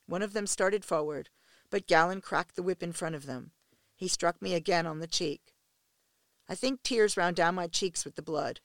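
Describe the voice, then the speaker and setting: A woman narrating a first-person erotic story in an intimate, steady reading voice. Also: fairly low pitch, normal speed, no room sound. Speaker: audiobook narrator.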